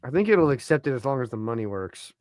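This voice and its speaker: A man's voice: mid-range voice, big pitch swings, fast, darkish tone, no room sound. A man co-hosting a casual sports talk stream, thinking aloud and trailing off as he works through trades. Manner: thinking aloud while running a trade simulator, trailing off and mumbling. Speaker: podcast co-host. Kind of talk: casual chat.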